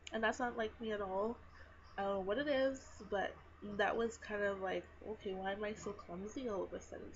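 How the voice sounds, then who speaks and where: Young mom, casual rambling vlog talk, nursing a baby at home; slightly muffled home recording. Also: female voice, medium pitch, a little hiss or hum. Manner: chatty, rambling, lots of fillers and "like". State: nursing a baby while talking. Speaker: vlogger. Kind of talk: casual pregnancy vlog chat.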